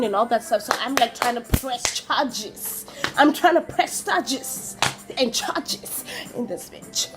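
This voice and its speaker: A young Namibian woman with a Namibian accent, telling a storytime vlog in a casual, animated way and acting out what people said. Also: on the high side, unhurried, music in the background. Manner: animated, switches between English and Afrikaans, acts out quotes. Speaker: vlogger.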